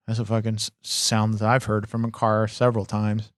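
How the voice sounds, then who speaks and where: A man's voice: on the low side, completely flat delivery, moderate pace, dry recording, clean studio sound. A man co-hosting a comedy podcast, brash, profane and exasperated. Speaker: podcast co-host.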